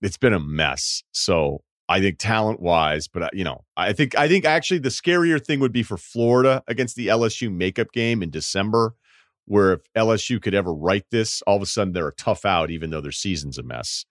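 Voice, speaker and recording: A man hosting a sports podcast, telling stories in casual chat with quick asides. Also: on the low side, dry recording, clean studio sound. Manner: animated storyteller with quick asides. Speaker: podcast host.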